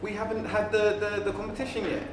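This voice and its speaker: A man's voice: high-pitched, flat delivery, fast, roomy sound, recorded from a distance, background noise. A man interviewing casually, joking and teasing.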